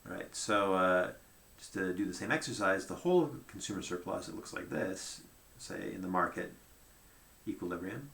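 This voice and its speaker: Gravelly-voiced man lecturing in an echoey room. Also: deep voice, lively intonation, normal speed, fairly bright tone. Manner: conversational, thinking aloud with frequent "right?" and "um". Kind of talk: whiteboard economics lecture.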